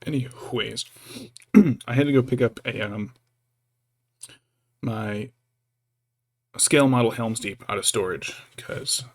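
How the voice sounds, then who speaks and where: A young man chatting casually on a live stream while painting miniatures, rambling and interrupting himself with jokes. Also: medium pitch. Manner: rambling, self-interrupting, jokey; baby-talk to his pet between asides.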